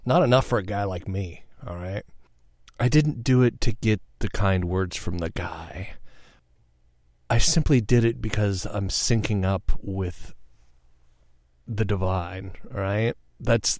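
Low-voiced man telling a sermon story. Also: darkish tone, no echo, clean studio sound. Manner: conversational, often asks "all right?"; reflective, meditative pauses. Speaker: preacher.

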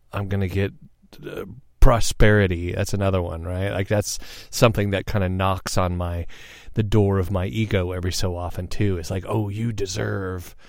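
A man's voice: deep voice, gravelly, a little mellow, no room sound, studio quality. A man preaching a sermon in a conversational, reflective way, sharing a personal story and often checking in with "all right?". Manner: reflective, meditative pauses.

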